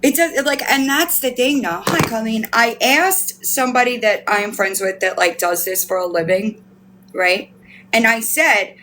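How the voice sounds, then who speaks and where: A livestream host with a higher-pitched, bright voice speaks at a moderate pace in a forceful tone, with a faint hiss or hum underneath. She rants through heated commentary in outrage and disbelief, swearing often and repeating herself as she answers her chat.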